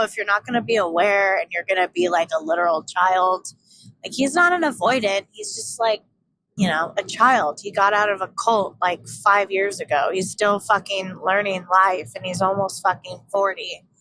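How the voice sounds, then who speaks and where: A woman telling a story on her vlog in a blunt, profane, animated rant. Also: mid-range voice, slight background noise, low-quality recording. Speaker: vlogger.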